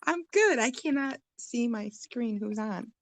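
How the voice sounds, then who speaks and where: A woman's voice: on the high side, expressive, unhurried. A woman chatting in a friendly, apologetic way as a guest on a live-stream group chat.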